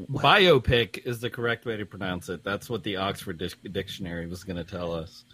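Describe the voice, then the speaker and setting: A man's voice: deep voice, moderate pace, bright, forceful tone, dry recording, low-quality recording. A man co-hosting a podcast, cracking dry jokes in casual chat. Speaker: podcast co-host.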